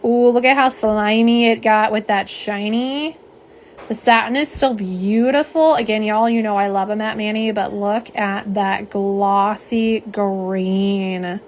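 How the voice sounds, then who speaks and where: A bubbly middle-aged woman chats away on a phone livestream, her voice sitting a little high. She talks straight to her viewers and reads out their comments. A faint hiss sits under the voice. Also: normal speed. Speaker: nail polish livestream host. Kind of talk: casual livestream chat reading comments. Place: home setup for live streaming. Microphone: phone camera on a live stream.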